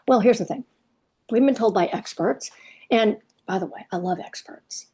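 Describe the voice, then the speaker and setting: A middle-aged woman who works as a parenting coach gives casual advice to camera in a mid-range, dark voice with a breathy edge. She's animated and fairly quick, chatty and emphatic, firing off one rhetorical question after another.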